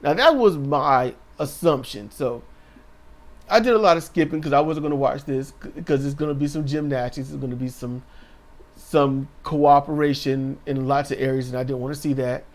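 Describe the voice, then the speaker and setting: Here a man sarcastically runs through a wrestling show, poking fun at the wrestlers with mocking impressions delivered in a raised voice. He speaks at medium pitch and a moderate pace.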